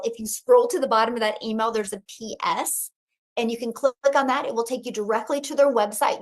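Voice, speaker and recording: An upbeat woman hosts a live online training, encouraging her listeners with a bright, fairly high voice. She speaks in a steady presenter's manner. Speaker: host and program coach. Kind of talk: live webinar hosting.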